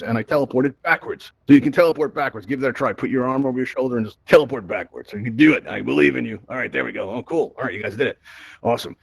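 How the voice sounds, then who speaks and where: Through a headset mic, a gravelly, mid-range male voice runs a live VR tutorial, keeping things upbeat and chatty while constantly tossing out "right?" The recording is dry and low quality.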